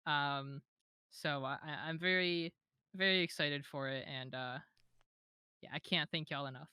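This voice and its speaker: A woman's voice: sits low, fairly even intonation, a little slow, bright, forceful tone, clear, resonant tone, no room sound, clean studio sound. A young woman talking casually as an interview guest, hesitant with many fillers and restarts, giggling now and then. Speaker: modpack creator, interview guest.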